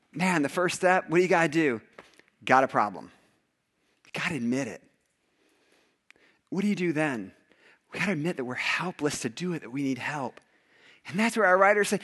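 A man preaching a sermon as pastor, urging his congregation, then leading a communion prayer, swinging between loud urging and hushed prayer. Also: high voice.

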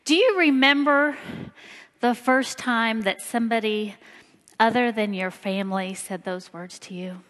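A woman in her forties from Indiana, giving a personal talk in church with slow, emphatic storytelling. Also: a little high, a bit bright. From Indiana, USA. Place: church sanctuary. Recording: long hall reverb.

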